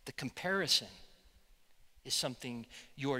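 A man, a pastor, preaching a sermon with animated storytelling. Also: on the high side, moderate pace, long reverb tail. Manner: animated storytelling, voicing quotes loudly.

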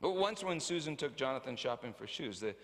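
A man preaching a sermon, a father telling stories about his children, animated, swinging from loud to hushed. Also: medium pitch, a little fast, long reverb tail. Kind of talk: sermon with acted anecdotes.

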